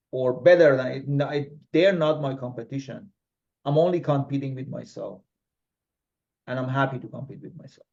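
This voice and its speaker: A man's voice: medium pitch, gravelly, darkish tone. A man with a French accent hosting a casual conversational podcast, speaking earnestly and reflectively, turning playful as he wraps up. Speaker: host. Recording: muffled lo-fi audio.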